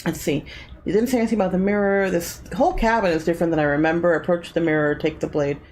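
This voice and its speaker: A woman's voice: on the low side, quick pace, a little mellow, a little hiss or hum. A woman playing a video game aloud, reading choices and bantering sarcastically with the characters. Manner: sarcastic, playful. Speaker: game streamer. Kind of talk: casual let's-play commentary.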